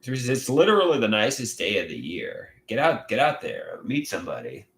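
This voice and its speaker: A man's voice: fairly low pitch, huge pitch swings, a bit bright, echoey room. Rambling man reading out his chat. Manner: rambling, reads chat aloud, halting restarts. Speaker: livestreamer. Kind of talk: casual livestream chat.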